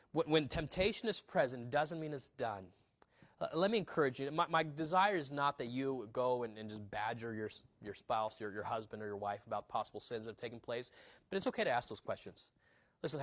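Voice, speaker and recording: A young adult man, a pastor preaching a sermon in a church, earnest, often restarting words and acting out quick asides. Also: mid-range voice, animated, a bit bright, no room sound. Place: church sanctuary.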